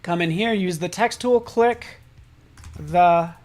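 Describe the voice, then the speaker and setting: Upbeat man teaching a live software tutorial. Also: sits high, slow pace, soft background music. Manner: upbeat and chatty, talks to live chat viewers; casual and self-joking. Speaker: host and software instructor.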